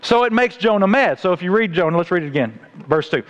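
A man preaching a sermon, telling the story with animated acted-out voices. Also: high-pitched, quick pace, lo-fi sound. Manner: animated storytelling, acts out voices of God and Jonah.

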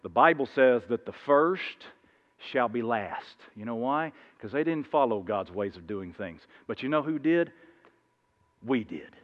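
A man preaches in a loose, conversational way, wandering through personal stories and acting out the other people's lines. His voice sits at an ordinary male pitch. The recording is dull and lo-fi, with a long echo from a church hall. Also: lively intonation, unhurried. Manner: rambling, many restarts, acts out voices in anecdotes. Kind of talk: informal sermon with storytelling.

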